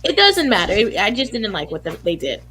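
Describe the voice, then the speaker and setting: A woman chatting as a guest on a live stream, a bit tipsy and giggly, with an animated way of talking. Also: mid-range voice, a little fast, heavy background noise. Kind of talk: casual group chat.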